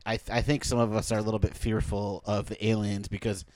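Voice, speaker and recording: A man's voice: fairly low pitch, flat delivery, fast, darkish tone, no room sound. A man co-hosting a comedic radio show, sarcastic and jokey, slipping into mock announcer reads. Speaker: radio co-host.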